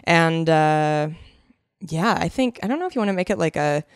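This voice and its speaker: A woman's voice: low voice, lively intonation, normal speed, clean tone, no echo, clean studio sound. A woman co-hosting a podcast in casual chat, chatty and laughing often. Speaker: podcast co-host.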